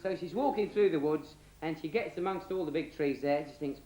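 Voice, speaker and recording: A man's voice: fairly high pitch, brisk, few pauses. A man with a Cockney accent telling a bawdy comic story in a rambling, cheeky, slangy way. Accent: London Cockney. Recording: roomy echo, faint hiss.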